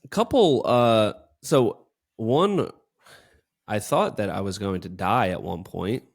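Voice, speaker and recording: A man's voice: on the low side, animated, takes it slowly, creaky. A young man co-hosting a podcast, telling a story in casual chat, rambling with lots of fillers. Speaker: podcast co-host.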